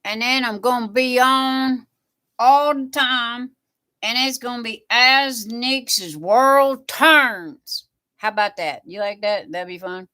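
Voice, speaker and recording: A woman's voice: a little high, slow pace, bright, forceful tone. A middle-aged woman hosting a livestream, chatting casually with viewers in a rambling way, reading their comments aloud and saying "you know" over and over. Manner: repeats "you know" a lot. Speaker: livestream host. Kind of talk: casual chat with live viewers.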